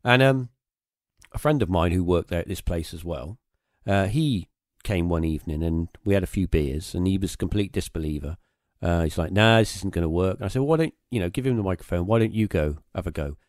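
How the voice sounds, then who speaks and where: Telling a long, rambling story on his podcast with lots of fillers, this host speaks a little fast in a low voice with lively intonation and a darkish tone. The recording is dry and studio-clean.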